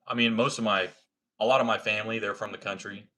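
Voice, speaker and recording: A man's voice: lowish voice, fairly even intonation, fast, sharp tone. A young man from Ohio with a slight country accent, chatting casually on a livestream, laid-back and swearing freely. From Ohio, USA. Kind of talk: casual livestream chat reading comments.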